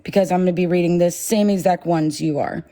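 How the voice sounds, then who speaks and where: A woman's voice: on the low side, fairly even intonation, brisk, warm tone. A woman hosting a livestream, shaky and nervous, talking bluntly and confrontationally and swearing freely. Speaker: livestream host.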